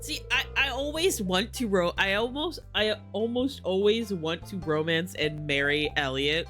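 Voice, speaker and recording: A playful male streamer chats through his game in a bright, ringing voice that sits a little high. Soft game music plays faintly underneath. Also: normal speed, hardly any pauses. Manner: chatty, playful, gushing asides. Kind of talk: casual gameplay commentary.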